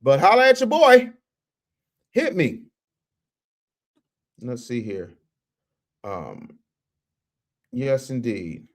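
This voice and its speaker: A man's voice: medium pitch, wildly swooping pitch, very slow, pauses often. A man hosting a live reaction stream, mocking and roasting clips and reading viewer messages in a rowdy casual way. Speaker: livestream host.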